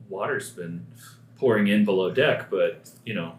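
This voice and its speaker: A man's voice: fairly low pitch, measured pace, reverberant. A man playing a tabletop game, speaking hesitantly with many fillers. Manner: hesitant, many uhs and ums. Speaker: player.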